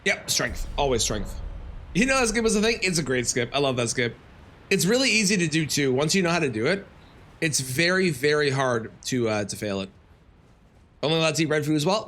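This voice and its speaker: A man's voice: a little high, expressive, brisk, a bit bright. A man casually commenting on his live game stream, chatting with viewers and breaking into yelps and exclamations at enemies.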